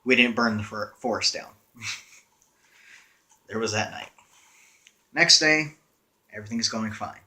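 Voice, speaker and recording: A man's voice: on the low side, measured pace, pauses often, sharp tone. A young man casually telling a story in a wry, conversational way, with frequent "uh" fillers. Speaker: storyteller vlogger.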